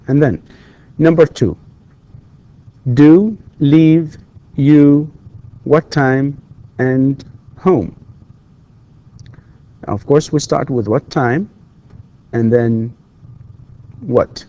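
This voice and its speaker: Deliberate male English lecturer, mellow tone. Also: mid-range voice, muffled recording. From Saudi Arabia. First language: Arabic. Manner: slow and deliberate, repeats words to model pronunciation, switches to Arabic to explain; hesitant, with frequent fillers and restarts when explaining. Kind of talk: recorded lecture.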